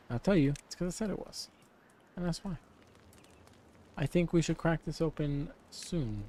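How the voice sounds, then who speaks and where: A man's voice: on the high side, normal speed, long pauses, warm tone, a little hiss or hum. Goofy rambling man narrating gameplay. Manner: goofy, rambling, playfully grandiose self-talk. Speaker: gaming channel host. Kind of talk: casual let's-play commentary. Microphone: studio desk microphone.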